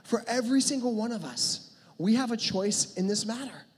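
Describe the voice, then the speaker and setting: Pastor, man in his 30s, husky, chatty animated sermon, long hall reverb. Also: high voice, normal speed. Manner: conversational, animated, self-deprecating storytelling.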